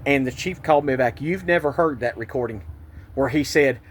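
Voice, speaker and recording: A man's voice: mid-range voice, a little fast, a little hiss or hum. A man, recounting a police stop in an agitated, indignant way and repeating himself. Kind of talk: angry personal vlog.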